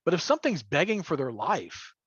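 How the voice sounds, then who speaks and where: A man with a slightly high voice chats as a game-master guest on a livestream. He rambles, stacks up fillers and chuckles between thoughts. His sound comes through a remote call mic and is muffled, lo-fi and dry. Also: wildly swooping pitch, fairly quick, slightly rough, dry recording. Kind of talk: casual livestream chat. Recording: dull lo-fi call audio.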